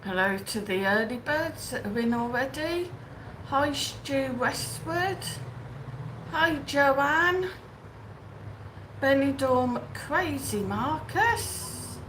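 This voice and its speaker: Slow-talking high-voiced woman host. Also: animated, fairly bright tone, low-quality recording. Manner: chatty, greets viewers by name. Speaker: livestream host. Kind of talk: casual live-stream chat, reading comments. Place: outdoors or home in Benidorm. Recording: faint background noise.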